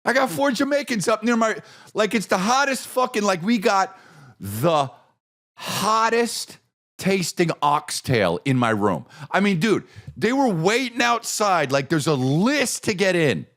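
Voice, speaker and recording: A middle-aged man spins a comedic story on his podcast, his pitch swinging widely as he acts out the people he met. He swears freely and slips into quick little impressions, then drops back to a low grumble. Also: big pitch swings, a bit bright. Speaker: podcast host.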